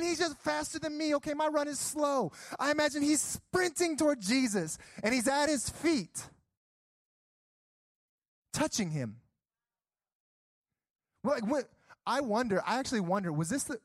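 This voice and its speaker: Young guy preaching, high voice, acts out all the lines, gets loud, dry sound. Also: no room sound. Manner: animated storytelling, acts out dialogue, rises to near shouts. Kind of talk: sermon.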